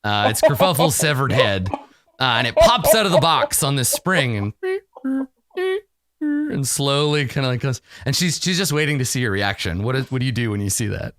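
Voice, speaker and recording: A man narrating a tabletop game as game master, animated and giggly in his storytelling. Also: mid-range voice, moderate pace, no echo, studio quality.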